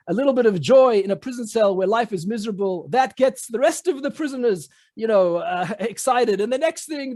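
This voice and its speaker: A man with a high-pitched voice tells an old story in an easy, conversational manner, pausing and restarting as he goes. He speaks as a rabbi addressing a community gathering. The sound is dry and close, with little room around it. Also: darkish tone, no echo. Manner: conversational, many fillers and restarts. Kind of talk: oral storytelling.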